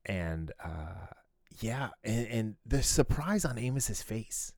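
A man's voice: lowish voice, animated, slow, a little mellow, no echo, studio quality. A man co-hosting a podcast in casual chat, rambling with many fillers and restarts and laughing often. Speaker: podcast co-host.

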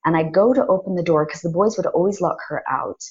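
A woman with a breathy, husky voice sits as a guest and tells a personal story with real drama. She acts out the lines of the people in her story. Her voice sits a little low and comes through on dull, lo-fi audio. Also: brisk. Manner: animated, dramatic retelling with acted-out quotes. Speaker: podcast guest.

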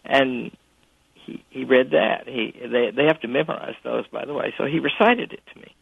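Gravelly man on a tinny phone line. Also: mid-range voice, expressive, no echo. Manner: anecdotal, halting with frequent restarts. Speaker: college president. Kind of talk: telling a story in a phone interview. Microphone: telephone.

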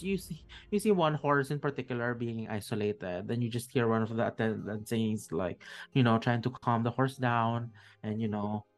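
Man, game master, narrating tabletop game, rambling, faint music behind. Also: medium pitch. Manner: rambling, many fillers and restarts.

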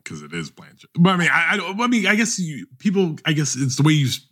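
Podcast co-host, male, bright tone, halting and chatty, lots of restarts. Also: on the high side, wildly swooping pitch. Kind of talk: casual chat about awards season.

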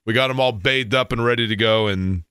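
A man, hosting a sports radio show and telling stories in a casual, animated way. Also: medium pitch, brisk, clear, resonant tone, no room sound, clean studio sound. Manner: storytelling, animated in quoted bits.

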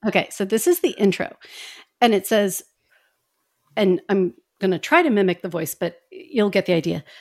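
A woman co-hosting a podcast in casual chat, talkative and quick to laugh, with lots of fillers. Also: mid-range voice, animated, darkish tone. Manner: chatty, laughs often, many fillers. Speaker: podcast co-host.

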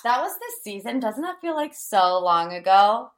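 A woman hosting a podcast in a casual gossip chat, animated, dramatic and sarcastic. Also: on the high side, moderate pace. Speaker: podcast host.

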